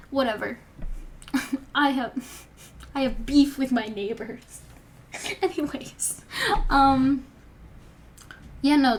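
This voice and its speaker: A young woman vlogger reading her old story aloud and breaking off for wry, chatty asides. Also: a little high. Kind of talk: reading aloud with casual commentary.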